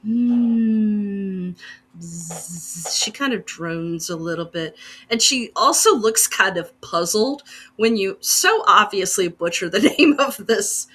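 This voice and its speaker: A woman's voice: mid-range voice, expressive, pushed and bright. A woman narrating a tabletop game as game master, describing the scene to the players. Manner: descriptive, unhurried, second-person scene-setting.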